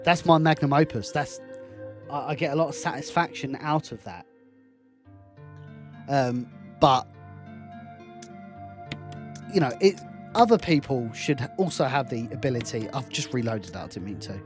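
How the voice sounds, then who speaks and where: A man's voice: mid-range voice, expressive, moderate pace, pauses often, faint music behind. A young man giving rambling, self-deprecating commentary while playing a game, laughing often. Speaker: fan film director and game streamer. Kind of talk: casual gameplay commentary.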